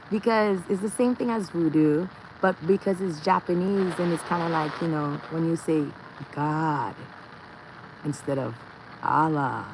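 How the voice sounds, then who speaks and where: A woman's voice: fairly low pitch, a little mellow, a little hiss or hum, rough recording. A woman livestreaming, drifting through earnest spiritual musings and repeating her phrases as she answers viewer comments.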